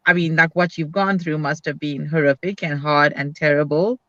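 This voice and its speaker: A woman's voice: sits low, fairly even intonation, normal speed, a bit bright, no echo. A woman hosting a casual live video chat, talking in a frank, upbeat way and acting out her own quotes. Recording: dull, dry lo-fi sound.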